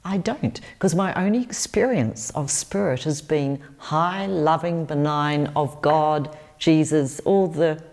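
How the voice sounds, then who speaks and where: A woman's voice: low voice, slow, creaky, hardly any pauses, a little mellow. A New Zealand woman, in her sixties, answering interview questions as a spiritual teacher, telling stories earnestly and repeating phrases.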